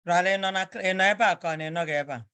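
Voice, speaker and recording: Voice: medium pitch, rapid-fire, pushed and bright, clear, resonant tone. A teacher whose first language is Igbo runs an online spelling drill over a video call. The teacher corrects students firmly and spells words out letter by letter.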